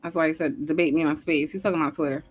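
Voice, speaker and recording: Calm woman explaining on a stream. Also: sits low, rapid-fire, faint music behind.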